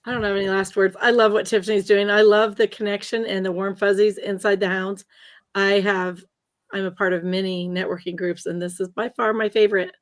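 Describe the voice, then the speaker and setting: Gushing woman guest, flat delivery. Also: medium pitch, fairly quick, no echo. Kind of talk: casual chat.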